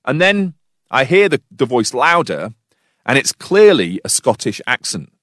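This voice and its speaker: A man's voice: medium pitch, sing-song, a little slow, a bit bright, dry recording. A British man delivers a sermon in a mid-range voice, weaving a personal anecdote with dry humour into reflective questions for his listeners. The sound is close and dry. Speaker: preacher.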